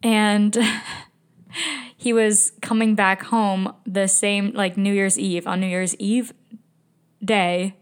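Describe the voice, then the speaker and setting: A woman's voice: medium pitch, fairly even intonation, takes it slowly, long pauses, clear, resonant tone. Candid woman podcaster telling a story. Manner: emotional, candid, swearing, sighing. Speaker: podcast host. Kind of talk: personal storytelling.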